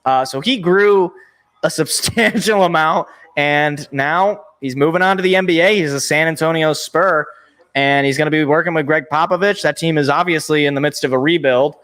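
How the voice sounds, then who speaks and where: A young man hosting a sports show, giving rambling, excitable live reaction commentary as events unfold. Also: fairly high pitch, normal speed. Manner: excitable, rambling, thinks aloud.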